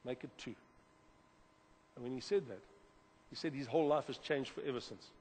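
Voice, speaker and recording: Pastor preaching in a hall. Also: male voice, mid-range voice, quick pace, a little hiss or hum. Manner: animated, repeats words, swings from loud to quiet. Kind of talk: sermon. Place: church hall. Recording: long hall reverb.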